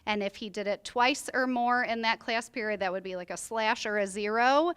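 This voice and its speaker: A woman at a training workshop reports back for her group in a smooth, fairly high voice. She explains the plan step by step with frequent "like" fillers. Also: moderate pace, a bit bright. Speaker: workshop participant. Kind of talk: group share-out.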